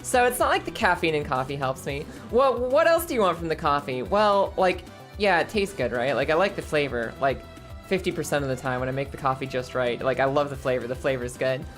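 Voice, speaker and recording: Hoarse, giggly woman streamer. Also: sits low, animated, brisk, soft background music. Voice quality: scratchy throat. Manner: bubbly, laughs often, rambling. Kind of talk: casual stream chat.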